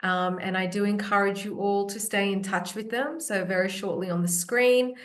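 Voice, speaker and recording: A woman's voice: medium pitch, fairly even intonation, moderate pace. Woman webinar host, hesitant. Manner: warm thanks, hesitant with many ums. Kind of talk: moderating a webinar. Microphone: video call.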